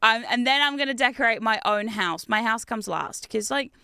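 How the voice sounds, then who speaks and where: A woman's voice: on the high side, normal speed, gravelly, sharp tone, clear, resonant tone, dry recording, clean studio sound. A young woman chatting casually while playing a game, chatty and self-mocking, swearing now and then. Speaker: gaming streamer. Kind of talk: casual gameplay chat.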